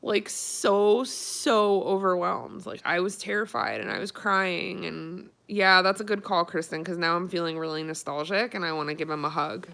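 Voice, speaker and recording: A woman's voice: on the low side, fairly quick, vocal fry, few pauses, bright, forceful tone. A young woman telling a personal story in a casual vlog, chatty and full of "like", emotional as she recalls it. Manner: chatty, peppered with "like", emotional retelling. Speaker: vlogger.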